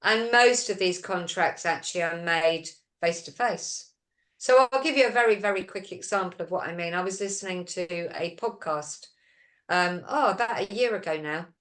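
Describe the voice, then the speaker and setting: A woman hosts a relaxed talk show and talks through a long story, voicing the lines of each person in it. Her voice sits fairly low for a woman. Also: normal speed. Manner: storytelling, retelling quoted dialogue; reads listener questions aloud. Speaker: host. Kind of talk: casual chat.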